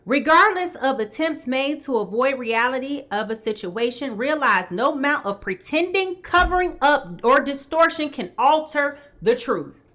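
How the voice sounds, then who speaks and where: Bright-voiced woman doing a chatty tarot reading. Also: high-pitched, lively intonation, moderate pace, a little hiss or hum. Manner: chatty, keeps checking in with "okay?"; talks straight to viewers, greets them by name. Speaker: tarot reader host. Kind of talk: live tarot reading to viewers.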